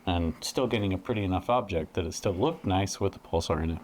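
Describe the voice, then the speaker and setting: A man's voice: sits low, quick pace, darkish tone, slight background noise. A man co-hosting a lesson, giving brief, laid-back replies and reading principles aloud. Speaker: co-host and image processor.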